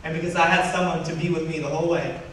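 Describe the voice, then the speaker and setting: A young man tells a personal story with animated delivery, slipping into the voices of the people he quotes. His voice sits fairly high. It is heard from a distance in a very reverberant hall with faint noise behind. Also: quick pace. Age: young adult. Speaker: student speaker. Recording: echoey hall from far off.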